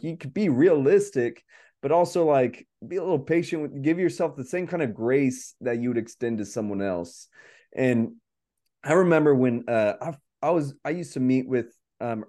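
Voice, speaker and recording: A man's voice: mid-range voice, mellow. Rambling man with frequent "like". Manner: rambling, laughing, heavy use of "like". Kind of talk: casual conversation.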